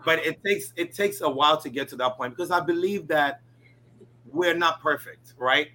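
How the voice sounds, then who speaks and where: A Ghanaian designer and event planner chats as a guest in a casual interview, his voice on the high side, sharp in tone, and moderately paced. He is emphatic and frank, repeatedly tacking on "right?", with slight background noise.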